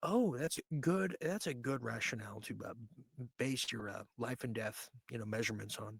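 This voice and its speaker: A man hosts a late-night podcast in a ranting, sarcastic monologue, stumbling through fillers and restarts. His voice is gravelly and husky. The sound is dry and close. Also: medium pitch, expressive, a little fast, fairly bright tone, no echo. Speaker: podcast host.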